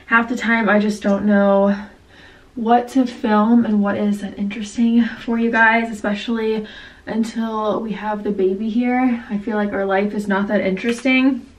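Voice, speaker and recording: A woman's voice: medium pitch, level tone, normal speed, recorded from a distance, low-quality recording. Breathless pregnant young woman vlogging. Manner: chatty, filler-heavy, laughs often. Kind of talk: casual vlog chat.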